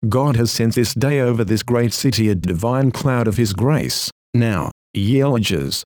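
A man reads an old sermon with earnest, exhorting force. His voice sits at an ordinary middle pitch. The recording is close and dry, with no room sound. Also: expressive, moderate pace, few pauses, a little mellow, dry recording. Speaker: preacher. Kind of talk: reading a historical sermon.

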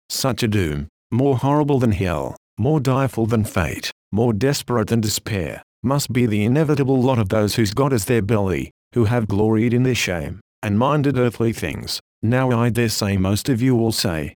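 A man's voice: medium pitch, expressive, normal speed, few pauses, darkish tone, no room sound. Earnest man reading a sermon, dry sound. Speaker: preacher. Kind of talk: reading a Victorian sermon aloud.

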